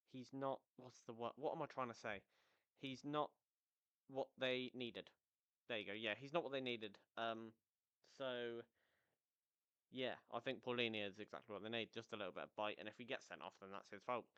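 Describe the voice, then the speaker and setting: A man's voice: medium pitch, fairly bright tone, clean tone, dry recording, muffled recording. A man hosting a casual football recap, talking energetically and rambling into tangents. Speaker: football podcast host.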